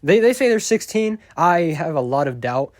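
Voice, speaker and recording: A man's voice: on the high side, very animated, normal speed. A man telling a storytime to his viewers in a casual, rambling way, getting exasperated and swearing as he rants. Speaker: YouTuber.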